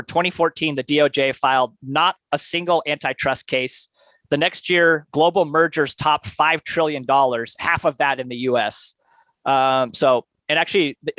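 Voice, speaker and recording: This podcast co-host, a man with a slightly high, fairly bright voice, casually sums up a book in loose conversation full of filler words. There's no echo on the recording.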